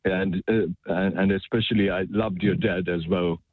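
A male caller on a tinny phone line, his voice low and husky. He speaks haltingly, stopping and restarting his sentences. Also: fairly even intonation, dry recording. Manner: hesitant, many fillers and restarts.

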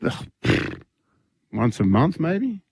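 A man's voice: fairly high pitch, sing-song, takes it slowly, a little mellow, husky, no echo. A young Australian man hosting a radio show, telling a jokey, rambling story full of fillers. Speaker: radio host. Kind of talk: casual radio banter.

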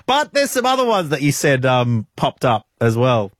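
Laughing, lively Australian radio host man. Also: mid-range voice, normal speed, no echo, studio quality. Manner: laughs often, playful and animated. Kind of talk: casual breakfast radio banter.

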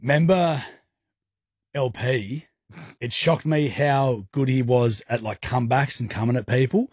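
A man's voice: mid-range voice, a little slow, a little mellow, slightly rough, no room sound, clean studio sound. A man hosting a casual radio show, joking and laughing often with callers. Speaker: radio host.

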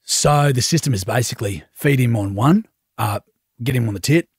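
A man's voice: medium pitch, moderate pace, husky, no echo, clean studio sound. A young man with an Australian accent, co-hosting a radio show and telling a laid-back story. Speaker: radio co-host. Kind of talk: casual radio banter.

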